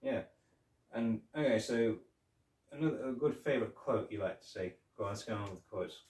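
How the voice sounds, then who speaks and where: A man's voice: fairly low pitch, brisk, a little mellow. A man co-hosting a podcast, casually retelling favourite scenes and quoting the characters. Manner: chatty, retells scenes with quoted lines. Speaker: podcast co-host. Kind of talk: casual chat reviewing a TV episode. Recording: roomy, distant mic.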